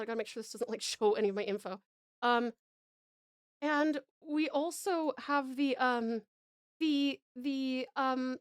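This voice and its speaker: A woman's voice: sits high, no room sound, studio quality. A woman, chatting on a live stream, gushing thanks with lots of swearing and restarts. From Tasmania, Australia.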